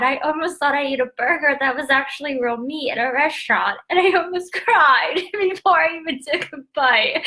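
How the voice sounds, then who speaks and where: Young woman vlogging on her phone, bright highish voice, keeps laughing and saying like, right?. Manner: emotional, laughs often, many fillers and asides. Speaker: dietitian. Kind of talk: casual talk to camera.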